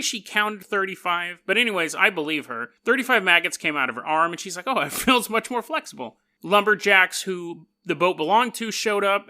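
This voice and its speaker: A man hosting a podcast, telling stories in a casual, joking way, laughing often and putting on quick voices for the people in them. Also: high-pitched, sharp tone. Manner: laughs often mid-sentence. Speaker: podcast host. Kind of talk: casual storytelling monologue.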